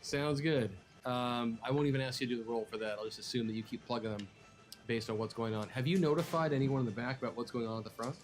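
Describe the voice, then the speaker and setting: A man running a tabletop role-playing game, relaxed and laughing easily, with many hesitant fillers. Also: mid-range voice, fast, faint music behind. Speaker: game master.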